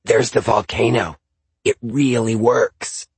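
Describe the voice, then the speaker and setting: A robust, sunny woman snapping gum and chattering brightly, voiced by a man. Her voice sits high and lively, recorded close and dry with a husky edge. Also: takes it slowly, no echo, full character voice. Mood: chirpy. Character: brash sunny woman, dad's girlfriend.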